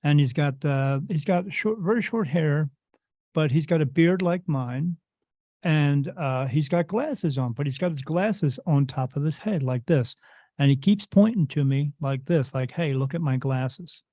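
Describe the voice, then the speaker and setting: A man's voice: fairly high pitch, measured pace, mellow, no room sound. A man, a medium and interview guest, telling a story in a casual, rambling way and repeating himself before each quote. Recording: dull lo-fi dry recording.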